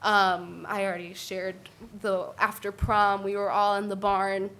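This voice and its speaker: A woman speaking on a panel discussion, animated and often checking in with "right?". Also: medium pitch, measured pace. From Puerto Rican family. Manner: animated, tags points with "right?".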